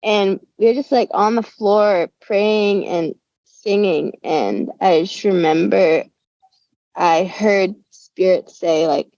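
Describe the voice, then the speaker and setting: A woman's voice: medium pitch, slow pace, a little mellow, dry recording. Slangy young woman, dull dry call audio. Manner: laid-back slangy talk, says dude and bro. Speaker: guest musician. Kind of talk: casual conversational interview. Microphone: remote call.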